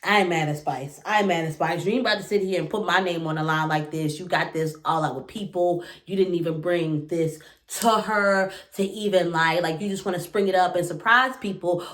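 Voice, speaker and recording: A woman's voice: fairly low pitch, a little fast, hardly any pauses. Chatty woman recapping reality TV. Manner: animated, chatty, lots of fillers and asides. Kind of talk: casual reaction recap.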